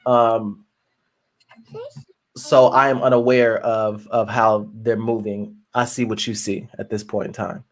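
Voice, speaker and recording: A man's voice: on the low side, level tone, unhurried. A man co-hosting a podcast in casual chat, effusive and full of fillers and restarts. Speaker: podcast co-host.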